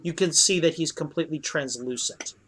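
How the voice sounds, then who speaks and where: A man narrating as dungeon master in a tabletop role-play game, loose and halting with many fillers. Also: fairly high pitch, background noise.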